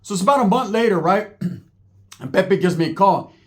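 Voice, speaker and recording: High-voiced streetwise storyteller. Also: male voice, fairly quick. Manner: streetwise, slangy, animated. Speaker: comedic storyteller, channel host. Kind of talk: profane comedic storytelling.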